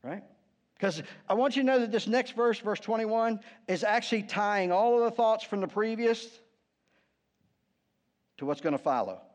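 A man preaching with a fairly high voice, talking to his congregation in an easy, conversational way with dry humor. He drops low and quiet on key words, then lifts his voice for emphasis. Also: animated, normal speed, pauses often. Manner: conversational, asks the congregation "right?" often, wry humor. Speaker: pastor. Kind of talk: sermon.

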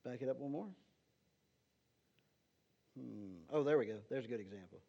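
A man's voice: mid-range voice, normal speed, gravelly, warm tone. A man, a pastor, giving a sermon in a conversational teaching style and often checking in with "right?". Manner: conversational, keeps asking "right?"; talks to the slide operator between points. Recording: dull lo-fi sound.

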